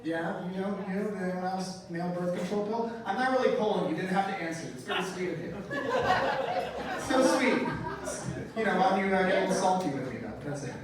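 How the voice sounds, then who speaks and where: A man's voice: sits high, animated, brisk. A man doing a stand-up comedy set in a club, with a brash, profane, mock-outraged delivery. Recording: roomy live club sound, mic heard from a distance, crowd. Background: audience laughter.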